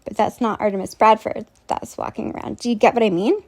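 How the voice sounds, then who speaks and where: Speaking fast in a mid-range, darkish voice with fairly even intonation, a woman vlogger rambles through a lengthy story. She addresses viewers directly, frequently asking them questions, and her tone is incredulous and scornful.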